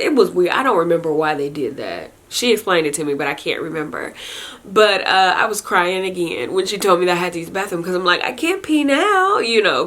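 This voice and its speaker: A young woman vlogger casually retelling a personal story in a chatty, animated way. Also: low-pitched.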